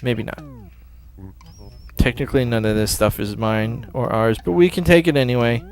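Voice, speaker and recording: A man's voice: medium pitch, lively intonation, moderate pace, darkish tone. A man giving casual, offhand commentary on a video game demo, often correcting himself mid-sentence. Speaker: gameplay commentator. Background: faint game music.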